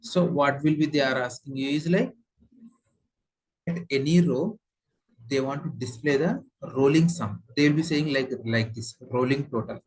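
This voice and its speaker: Male trainer, Indian English accent, mid-pitched husky voice, patient step-by-step tutorial delivery with fillers. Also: normal speed, a little mellow, low-quality recording. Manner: explains step by step with many fillers and repeats. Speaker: software trainer. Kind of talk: screen-share tutorial lesson.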